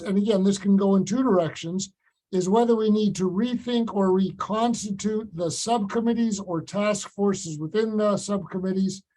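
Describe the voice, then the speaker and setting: Man, meeting chair, high-pitched, measured and halting, video-call audio. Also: mellow, rough recording. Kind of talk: virtual meeting remarks.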